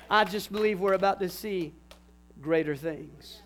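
High-voiced man preaching with fervor. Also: moderate pace. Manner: impassioned preaching, swings from hushed to shouting. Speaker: pastor. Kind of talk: sermon.

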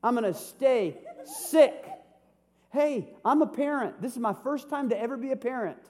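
A man's voice: very high-pitched, moderate pace, a little mellow. A man in his fifties, a pastor, preaching a sermon with humor and rhetorical questions. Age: 50s.

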